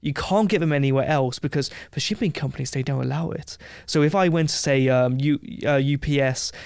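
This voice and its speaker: A man as a podcast guest, telling rambling, animated anecdotes with frequent laughs in a casual interview. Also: medium pitch, a little fast, creaky, clear, resonant tone, no room sound, clean studio sound.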